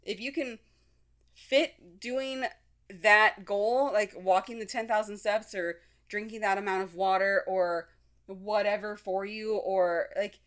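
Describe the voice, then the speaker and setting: A woman's voice: medium pitch, fairly even intonation, slow pace. A woman hosting her own podcast, talking frankly and casually, with many fillers and restarts. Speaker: podcast host; mother. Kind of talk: casual solo talk.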